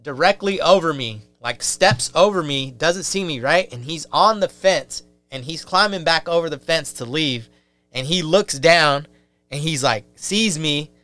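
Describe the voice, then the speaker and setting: Profane, animated young man telling a story. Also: fairly high pitch, a little slow. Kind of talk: casual chat.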